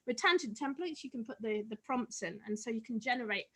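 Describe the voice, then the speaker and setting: A woman co-hosting a relaxed chat show with a bright, high voice. She talks in a bubbly, chatty way, often restarting her sentences as she goes. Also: brisk. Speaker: podcast co-host. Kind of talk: casual chat.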